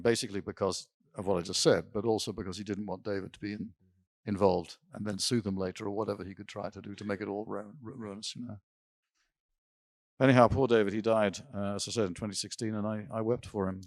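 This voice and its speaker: A symposium-stage interview features an older man telling wandering stories about himself, laughing occasionally and starting over at times. His voice is lowish, steady and fast, with clean studio sound and no room reverberation.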